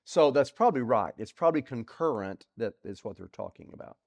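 A man teaching through a Bible passage in a sermon, asking rhetorical questions and swinging between loud and soft. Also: mid-range voice, expressive, brisk, creaky. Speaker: preacher.

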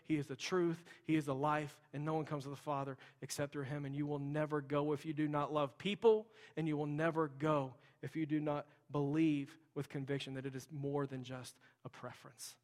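A young man preaches a sermon in a large church sanctuary, his voice sitting a little high and staying fairly level in pitch. He talks like a pastor chatting with his congregation, slipping in casual asides. A long reverb from the hall trails after every phrase. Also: steady tone, a little fast, few pauses.

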